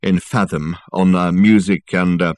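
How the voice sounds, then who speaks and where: A man voicing a fussy, self-absorbed man with a silky, over-rounded, soft voice, in a dry recording. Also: low voice, steady tone, measured pace, no echo. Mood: aggrieved. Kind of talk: audiobook character voice.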